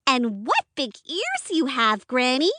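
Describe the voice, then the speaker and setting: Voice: high-pitched, huge pitch swings, takes it slowly, background noise, full character voice. A performer voicing a cheerful little girl in a red hood in a puppet show, sweet and sing-song. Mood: curious.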